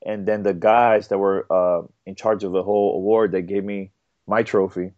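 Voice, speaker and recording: A man talking as a podcast guest in a casual interview, halting and full of fillers and repeated words. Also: low-pitched, little pitch movement, no echo. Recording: dull dry podcast audio.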